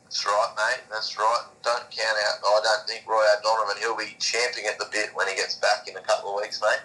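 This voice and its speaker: A man's voice: lowish voice, little pitch movement, fairly quick, bright, forceful tone, poor audio. A man co-hosting a casual sports podcast, easygoing and saying "mate" a lot. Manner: easygoing, says "mate" often. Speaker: podcast co-host.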